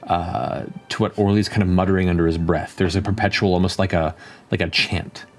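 Lowish-voiced man running a tabletop game. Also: steady tone, a little fast. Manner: descriptive, with many fillers and restarts. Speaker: game master.

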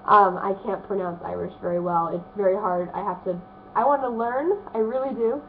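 A woman's voice: medium pitch, fairly quick, a little hiss or hum. Chatty congested woman, tinny lo-fi audio. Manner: rambling, chatty, with many fillers. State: congested, stuffy nose. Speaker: vlogger showing a book haul. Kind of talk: casual chat.

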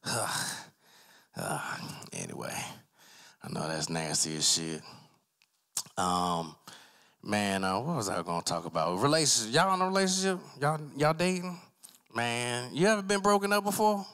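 A young man doing a loose, rambling open mic stand-up set, acting out characters in loud voices. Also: mid-range voice, sing-song, normal speed, long pauses. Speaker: stand-up comic. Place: small arts center stage with a live audience.

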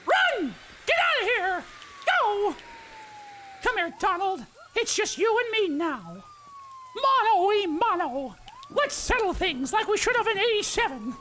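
A man voicing a vulgar, cocky male cartoon mouse in a squeaky falsetto, trash-talking through a comedic game role-play. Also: bright, forceful tone, a little hiss or hum, full character voice. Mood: frantic, then gloating. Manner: brash, trash-talking, mock-dramatic.

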